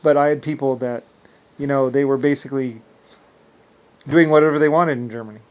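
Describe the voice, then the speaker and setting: A man's voice: medium pitch, fairly even intonation, brisk, lo-fi sound. Rambling man, stumbling over restarts. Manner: repetitive, stammering restarts; loose filler-heavy speech. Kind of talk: rambling first-person monologue.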